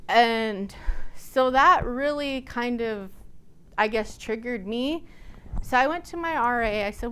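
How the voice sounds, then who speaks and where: A woman from Nebraska tells a personal story as a guest lecturer. Her voice is smooth and clear and sits a little high. She keeps it animated and acts out each exchange she recounts. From Nebraska, USA.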